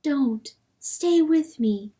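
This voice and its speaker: A woman's voice: high-pitched, takes it slowly, dark tone, pitched above the performer's own voice. A woman voicing an anxious, devoted hen wife who begs her mate to stay, in an imploring, urgent manner.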